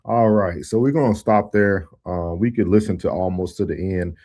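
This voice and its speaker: A man with a low voice hosts a reaction commentary. He talks to his viewers in a relaxed, direct way. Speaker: commentary channel host.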